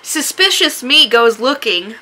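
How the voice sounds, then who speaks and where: In a casual vlog, a woman from the United States recounts a story sarcastically, laughing often and jumping into a high, shrill register whenever she acts out her responses. Very animated yet measured in pace, her voice has a sharp tone on a low-quality recording.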